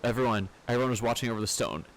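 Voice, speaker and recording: A man's voice: mid-range voice, rapid-fire, close to an everyday voice, poor audio. A man voicing a spirited little summoner girl who insists she is grown-up, reading the game's dialogue aloud. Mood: earnest.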